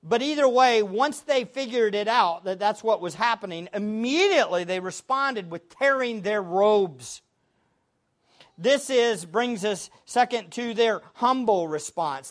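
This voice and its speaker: Guy preaching a sermon, slow and animated, yells out the quotes. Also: very high voice. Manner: expressive preaching, shouting acted quotes, laughing between points.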